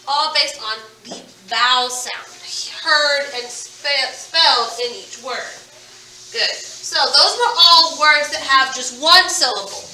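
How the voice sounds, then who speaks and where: Woman phonics teacher, high voice, heard from a distance in a roomy space. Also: pushed and bright, a little hiss or hum. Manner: slow, stretched-out word modeling with encouraging praise. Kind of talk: phonics lesson to young students. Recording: echoey room, voice from off-mic.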